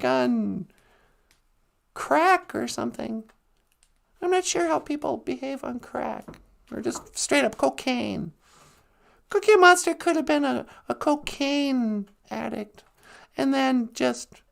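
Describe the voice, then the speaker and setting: A man's voice: very high-pitched, gravelly, heavily acted. A man playing a rambling woman livestreamer who giggles and makes crude jokes in a comedy sketch.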